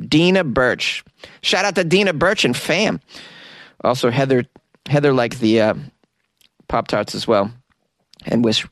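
A chatty man hosts his own podcast, reading out listener mail and shouting people out. His voice sits in a middle pitch, and the recording is close and dry with no room sound. He talks loosely, full of "uh"s and small restarts. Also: no echo. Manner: easygoing, chatty, many fillers and restarts; breaks into laughter. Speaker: podcast host.

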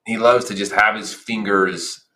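A man's voice: on the low side, fairly even intonation, measured pace, sharp tone. A man hosting an interview, reacting briefly and adding reflective comments. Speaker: interview host. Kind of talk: casual interview chat.

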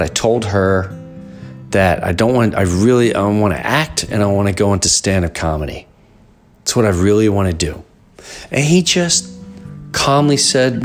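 A man's voice: medium pitch, animated, measured pace, soft background music. A middle-aged man hosting a podcast, talking through an impassioned, preachy solo monologue. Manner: impassioned, preachy rant with emphatic swings. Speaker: podcast host.

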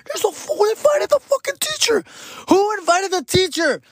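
A man's voice: extremely high pitch, sing-song, normal speed, no room sound, pitched above the performer's own voice, full character voice. A man squealing as a dramatic teenage girl. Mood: shocked. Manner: squealing, outraged. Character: embarrassed teen girl, shrill and dramatic.

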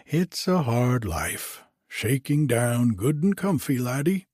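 A man's voice: medium pitch, sing-song, slow pace, slightly rough, no echo, clean studio sound, full character voice. A man reading aloud and voicing a breezy, chummy, overbearing hotel porter. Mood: jaunty. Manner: bright and chummy.

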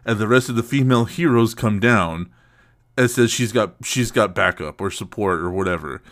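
A man's voice: on the low side, moderate pace, fairly bright tone. A man hosting a casual podcast, teasing and arguing back. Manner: teasing, argumentative, laughs often.

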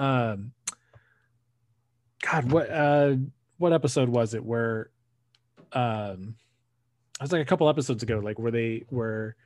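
A man co-hosting a podcast, chatting with animated, quick asides. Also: medium pitch, no room sound, studio quality. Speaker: podcast co-host. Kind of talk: casual chat.

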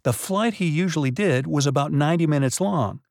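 A man's voice: on the high side, animated, fairly quick, creaky, darkish tone, no room sound, studio quality. A man co-hosting a podcast, patiently telling a mystery story with dramatic build-ups. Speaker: podcast co-host. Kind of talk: casual storytelling chat.

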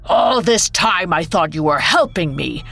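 A commanding king, played by a woman storyteller speaks with stern, demanding weight. His voice sits low and unhurried. Soft music runs faintly behind the tale. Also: lively intonation, vocal fry, exaggerated voice. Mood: stern, furious.

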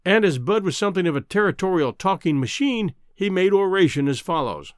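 A man narrating a classic story in an expressive storytelling manner. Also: high voice, brisk, few pauses, clean tone, no room sound, studio quality. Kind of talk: audiobook narration.

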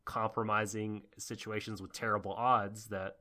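A man's voice: fairly low pitch, little pitch movement, moderate pace, bright, forceful tone. A man co-hosting a podcast, talking through anime in a rambling, thoughtful way with many fillers. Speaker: podcast co-host. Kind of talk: casual anime review chat.

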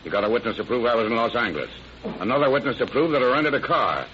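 A man's voice: medium pitch, lively intonation, fast, fairly bright tone, a little hiss or hum, lightly acted. An actor playing a defiant male murder suspect who blusters and threatens, in 1940s radio acting. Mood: sneering. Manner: belligerent, sneering. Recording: muffled old radio broadcast.

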